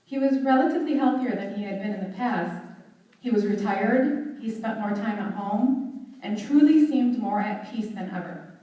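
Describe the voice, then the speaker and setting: A young woman delivering a heartfelt, measured eulogy at a memorial service, recorded from a distance in a large hall. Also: medium pitch, dull audio. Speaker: daughter giving a eulogy. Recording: very echoey hall, voice from far off.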